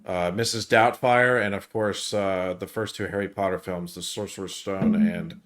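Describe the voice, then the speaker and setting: A man co-hosting a film review podcast, telling stories in an animated way and cursing often. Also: deep voice, moderate pace. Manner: animated storyteller, profane. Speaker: podcast co-host. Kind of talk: casual chat.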